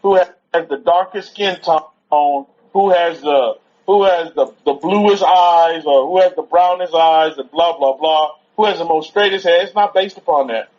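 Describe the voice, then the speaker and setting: A man's voice: a little high, a little slow, hardly any pauses, darkish tone. A man giving an informal, rambling sermon at a Sabbath gathering, repeating himself and talking conversationally. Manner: rambling, repetitive, conversational, stops to soothe a toddler. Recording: dull lo-fi recording.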